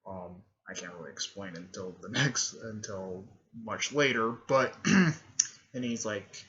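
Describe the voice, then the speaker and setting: A man recapping a fan story casually, halting, with many fillers, restarts and throat clearing. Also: lowish voice, sharp tone, lo-fi sound.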